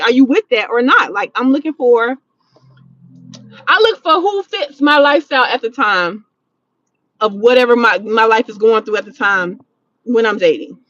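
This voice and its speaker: A woman hosting a casual livestream from her car, answering chat in a blunt, animated, slangy way and swearing freely. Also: a little high, normal speed, lo-fi sound. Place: in a vehicle, driving.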